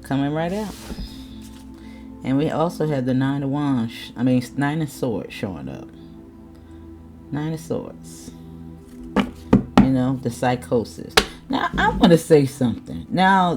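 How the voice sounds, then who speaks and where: A woman giving a casual tarot reading, chatty, with laughing asides and drawn-out exclamations. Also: rumbling low, dark tone. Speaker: tarot reader.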